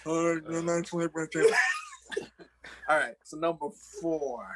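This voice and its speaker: A man's voice: fairly high pitch, unhurried, shouting. Laughing man telling a story. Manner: laughs often, storytelling with quoted asides. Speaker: podcast co-host. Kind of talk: casual banter.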